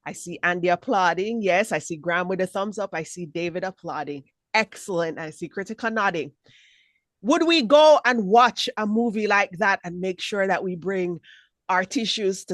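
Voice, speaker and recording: A woman giving spoken feedback as a speech evaluator on a video call, encouraging and lively, acting out examples as she talks. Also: lowish voice, dry recording. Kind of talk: spoken feedback at an online meeting.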